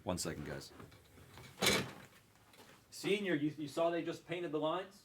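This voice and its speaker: A man hosting a live card break, telling a story in an animated, profane rant. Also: fairly high pitch, a little slow, slightly rough.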